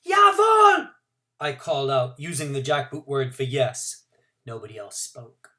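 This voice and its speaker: A male teacher reading a novel aloud to his class in an expressive first-person narration with varied pacing. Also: medium pitch, normal speed.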